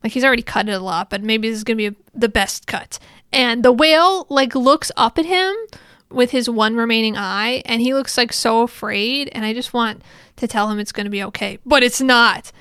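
A woman's voice: fairly high pitch, normal speed, a bit bright, clean tone, no echo. A woman narrating a casual recap in a chatty way, with sarcastic asides and many fillers, close to the mic. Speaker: anime recap host.

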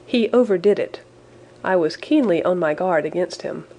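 A woman narrating a classic story in the first person, with measured, expressive storytelling. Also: lowish voice. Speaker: audiobook narrator.

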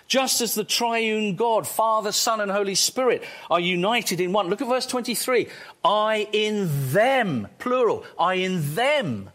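A man preaching a sermon, excitable, moving between quiet stretches and loud exclamations. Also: high voice.

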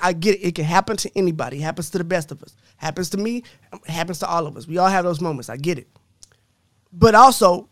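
Male podcast host, high voice, blunt and profane, dry close recording. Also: fairly bright tone, dry recording. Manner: blunt, profane, laughs often. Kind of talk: casual chat reading comments.

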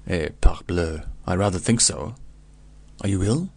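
A man's voice: sits low, animated, measured pace, gravelly, a little mellow, breathy edge, full character voice. A man voicing a gossipy older male curiosity vendor who tells a grim tale in a chatty, meditative way.

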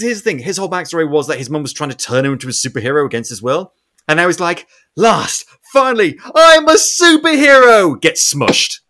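A young man casually recapping a movie with a co-host, animated and swearing, acting out characters' lines. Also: sits high. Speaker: podcast co-host.

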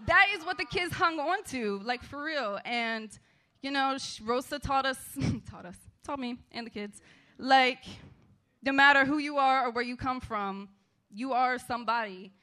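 High, bright-voiced woman telling a story. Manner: chatty, laughing, many fillers like "like" and "right". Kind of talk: live storytelling performance.

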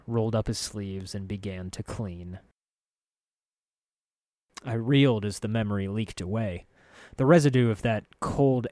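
A man narrating a dark first-person fantasy story in a measured, vivid way. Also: fairly low pitch, dry recording, clean studio sound.

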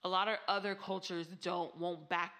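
A woman with family from Haiti, chatting casually and telling animated stories full of "like" and laughter. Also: on the low side, moderate pace. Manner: animated storytelling with frequent "like" and laughter. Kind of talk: casual chat.

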